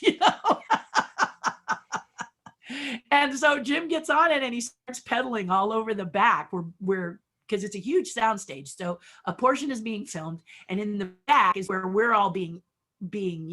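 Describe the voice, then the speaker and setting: An older woman, an animated storyteller, talking as a guest in an interview. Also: medium pitch. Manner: animated storyteller, acts out quotes.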